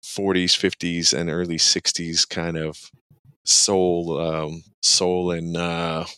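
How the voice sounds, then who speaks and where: A man with a low, smooth, resonant voice, casually recapping a game's plot on a podcast. He rambles, filling gaps with "like" and "um". The sound is dry and close. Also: level tone, slow pace, bright, forceful tone, no echo. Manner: rambling, heavy on "like" and "um".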